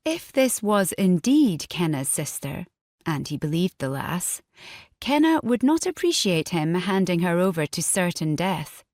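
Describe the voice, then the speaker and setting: A woman narrating an audiobook in a measured, even reading. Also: fairly low pitch, no room sound, studio quality. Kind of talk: scripted narration. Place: recording studio. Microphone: close studio mic.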